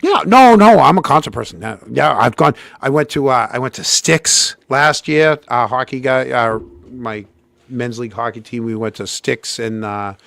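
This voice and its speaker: A man's voice: normal speed, vocal fry, no room sound. A middle-aged man, co-hosting a casual show and telling a story animatedly, acting out what people said. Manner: animated, acts out quotes with jumps in pitch. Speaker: co-host.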